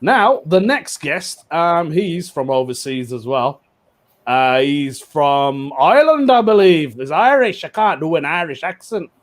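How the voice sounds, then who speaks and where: A man's voice: a little high, very animated, unhurried. A man hosts a casual online comedy show. He is chatty and jokey and laughs often between lines. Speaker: host.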